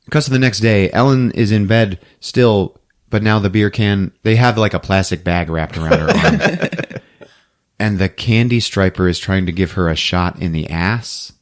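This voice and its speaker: A man hosting a podcast, recapping a movie in a casual chat, laughing often and switching into high put-on voices for the characters. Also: normal speed. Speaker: podcast host.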